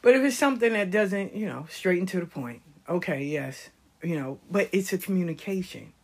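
A middle-aged woman sharing life lessons in a passionate, animated monologue, dropping into whispered asides. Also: deep voice, slightly rough. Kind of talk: conversational monologue.

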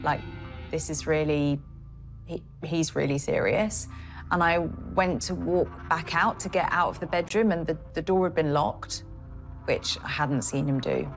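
A woman in a documentary interview, recounting her experience haltingly with many "like"s and "you know"s. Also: low voice, faint music behind.

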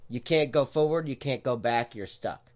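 A man hosting a podcast, explaining things in a relaxed, halting way with lots of fillers. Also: mid-range voice. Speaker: podcast host. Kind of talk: casual podcast chat.

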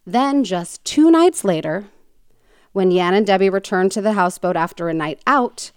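A woman's voice: mid-range voice, expressive, normal speed, clear, resonant tone, no echo, clean studio sound. Chatty woman telling a true crime story. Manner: chatty, many fillers like "um" and "like", jokey asides. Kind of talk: casual storytelling chat.

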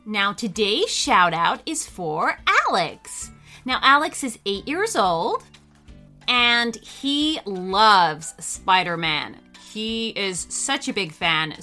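A woman hosting a children's story podcast, reading an adventure story in a cheerful, animated way. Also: on the high side.

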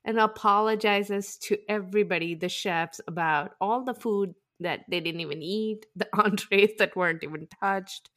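A woman's voice: mid-range voice, moderate pace, few pauses, fairly bright tone. A woman co-hosting a podcast, chatting playfully and laughing as she recaps a reality show. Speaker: podcast co-host. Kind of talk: casual recap chat.

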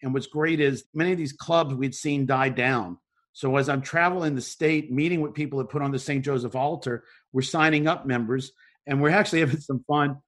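A man from New Orleans, a co-host, telling stories in relaxed, casual radio talk. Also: mid-range voice, a little fast. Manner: relaxed storytelling, chuckles.

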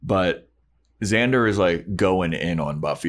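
A man co-hosting a podcast, casually retelling scenes and swearing freely. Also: deep voice. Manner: retells scenes putting on quick character voices, swears casually. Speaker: podcast co-host. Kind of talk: casual recap chat with acted quotes.

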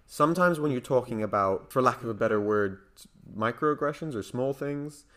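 A man co-hosts a relaxed podcast conversation, his medium-pitched voice expressive and a bit bright at normal speed. Thinking out loud, he hedges thoughtfully and often says "like" and "um".

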